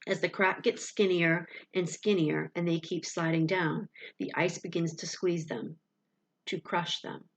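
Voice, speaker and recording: A woman reading a first-person audiobook aloud, expressive and dramatic, with loud cries in the dialogue. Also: deep voice, vocal fry. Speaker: audiobook reader.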